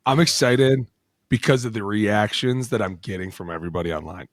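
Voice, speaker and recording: A man with a fairly low voice tells football stories in an animated, laughing way and swears freely. He is recorded dry and close on a podcast mic. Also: fairly quick, dry recording. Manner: animated storyteller, profane, laughs often. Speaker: podcast co-host, former NFL lineman. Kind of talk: casual sports chat. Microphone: studio podcast mic.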